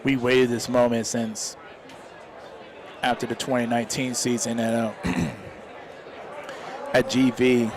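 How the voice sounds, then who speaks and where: A young man talks loosely into his streaming mic as a live commentator. He rambles in a sincere, heartfelt way and keeps tacking "man" onto his lines. His voice sits at an ordinary middle pitch.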